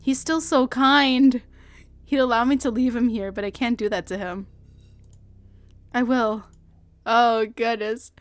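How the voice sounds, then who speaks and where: A young woman streamer reading a visual novel aloud, with dramatic, shouting outbursts and laughing reactions. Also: on the high side, steady tone, a little slow, long pauses, no room sound. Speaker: virtual streamer.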